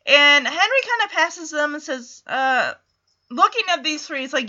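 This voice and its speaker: A woman hosting a podcast from home, recapping a story in a casual, animated way and acting out the lines. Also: high-pitched, moderate pace, muffled recording. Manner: animated storyteller who acts out quotes. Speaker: podcast host.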